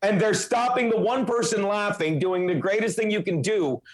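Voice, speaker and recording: A man's voice: high-pitched, normal speed. A man hosting a podcast, ranting emphatically and with lots of profanity in casual chat. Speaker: podcast host.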